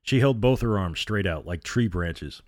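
A man with a low voice reads a horror story aloud at a measured, steady pace. The sound is dry and close to the mic, with no room around it. He stays calm and even as he reads. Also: dry recording. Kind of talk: reading a horror novel aloud.

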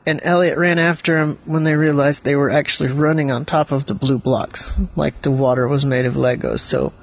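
A man making up a bedtime story for a child, gentle and patient, explaining things simply. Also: medium pitch, flat delivery, normal speed, vocal fry, lo-fi sound.

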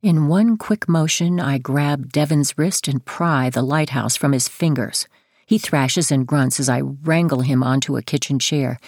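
A woman narrating her own memoir audiobook in a steady first-person storytelling manner. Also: low-pitched, no room sound, clean studio sound.

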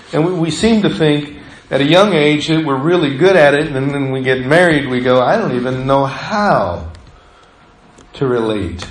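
A man's voice: mid-range voice, reverberant, slight background noise, low-quality recording. A middle-aged male pastor preaching a sermon, telling stories in a conversational way and acting out the voices of the people he quotes. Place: church sanctuary.

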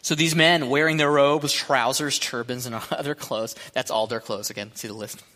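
Animated young male pastor in a reverberant hall. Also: mid-range voice, normal speed. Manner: animated, joking, bursts into shouts and laughter. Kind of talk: sermon. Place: church hall.

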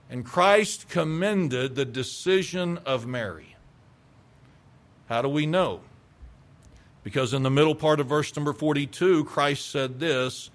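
A man's voice: fairly high pitch, unhurried, pauses often. A male pastor preaching a sermon, emphatic, asking rhetorical questions and repeating phrases for weight.

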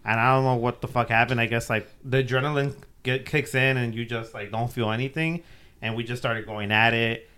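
A man's voice: mid-range voice, steady tone, fairly quick, pushed and bright, clean tone. A young man on a podcast, casually telling a story, swearing freely, laughing often and acting out what people said. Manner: loose, profane, laughs often, acts out quotes. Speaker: podcast co-host.

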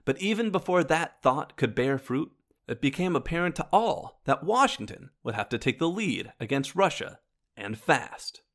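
A man's voice: on the high side, big pitch swings, moderate pace, fairly bright tone. A man hosting a history show, narrating from a script and turning to his listeners with wry asides. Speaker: history podcast host.

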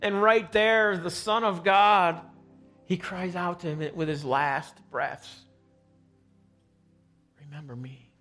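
A man's voice: high-pitched, fairly even intonation, slow pace, sharp tone, soft background music. A man preaching a sermon live in a church, telling the story dramatically and acting out the quoted voices. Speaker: pastor. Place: church sanctuary, recorded live.

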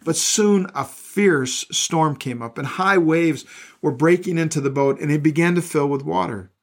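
A man's voice: a little high, normal speed. A middle-aged male pastor reading scripture aloud and breaking off into plain, earnest commentary, often repeating words as he goes.

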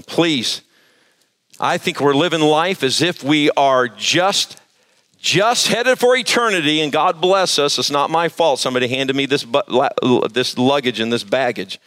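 A pastor preaching to a live church service, emphatic and quizzing the congregation for answers. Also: male voice, mid-range voice, fairly bright tone. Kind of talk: sermon.

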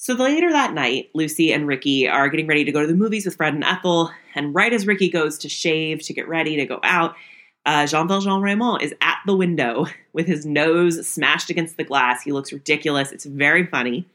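A woman's voice: sits low, lively intonation, brisk, fairly bright tone. A young woman hosting a podcast, recapping an old sitcom episode in a chatty way, laughing often. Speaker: podcast host.

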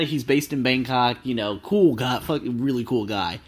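A thirty-year-old man, a travel vlogger, telling stories casually and excitably, swearing freely. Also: mid-range voice, normal speed. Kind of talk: casual storytelling.

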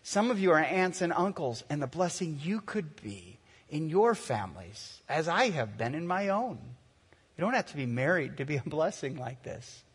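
Male pastor in his forties, slightly high voice, preaching in a conversational, story-led way, long hall reverb. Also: very animated, breathy edge. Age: 40s. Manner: conversational storytelling, slowing to earnest emphasis. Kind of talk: sermon.

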